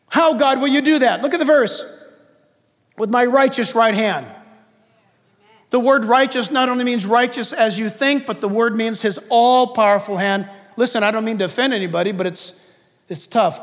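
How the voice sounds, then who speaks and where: A man preaching a sermon with dynamic delivery, swinging from loud emphasis to hushed, confiding asides. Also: extremely high pitch. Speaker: pastor. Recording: long hall reverb.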